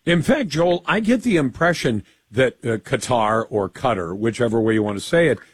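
A man hosting a radio talk show, brisk and conversational as he puts long questions to his guest. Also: medium pitch, lively intonation, breathy edge, dry recording.

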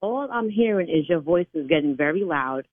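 A stern, firm middle-aged woman heard over a dry, tinny phone line. Her voice is a little husky, and her pitch swings widely as she talks. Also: lively intonation, normal speed, no echo. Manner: stern and firm, then laughing in relief. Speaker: prank call target, church sign language interpreter. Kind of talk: heated phone argument.

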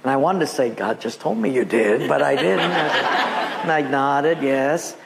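A man preaching as a pastor, telling animated personal stories and acting out the voices of the people in them, laughing often. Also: medium pitch, a little slow, vocal fry, heavy background noise. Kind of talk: sermon with storytelling.

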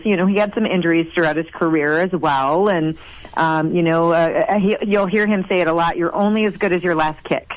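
A woman from South Dakota, a mayor, telling stories in a casual interview with animated, gushing energy. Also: dry recording, poor audio. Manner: animated, gushing, acts out quotes in a higher voice.

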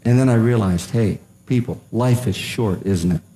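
A man's voice: on the low side, mellow. Older man telling a story in an echoey hall. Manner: conversational, with pauses and restarts. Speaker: speaker telling a family story. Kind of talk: humorous storytelling to a live audience. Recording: roomy echo.

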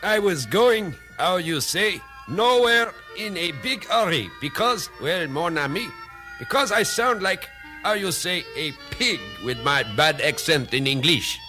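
A man's voice: high-pitched, expressive, measured pace, sharp tone, faint music behind, exaggerated voice. An actor playing an eager male customer with a put-on French accent, giving a boastful testimonial in a comedy ad.

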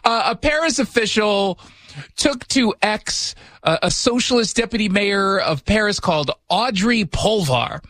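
A man's voice: sits high, animated, measured pace, a bit bright, no room sound. A man hosting a radio talk show from his studio, talking casually with sarcastic, joking asides.

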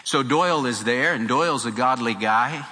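A man's voice: mid-range voice, normal speed. A male pastor preaching a sermon, telling a story animatedly and driving his points home by repeating them. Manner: animated, storytelling, emphatic repetition. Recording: reverberant hall with faint music.

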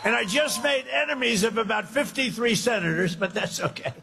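A man's voice: extremely high pitch, fairly quick, gravelly, background noise. An older man politician giving a rally speech, rambling and repetitive with a boastful manner. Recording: echoey large hall.

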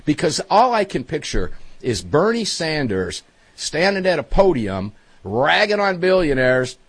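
A man's voice: a little high, big pitch swings, a little slow, slightly rough. A man hosting talk radio, joking and opinionated.

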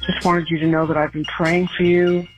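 A woman leaving a gentle, sincere voicemail for a radio host. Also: on the low side, level tone, brisk, over music, poor audio. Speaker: caller leaving a message.

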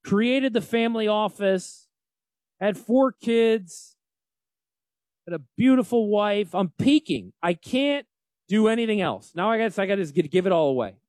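A man in his forties with a Northern US accent, hosting a casual financial talk radio show in an animated, emphatic and folksy way. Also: high voice, unhurried, no room sound. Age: 40s. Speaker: financial advisor radio host.

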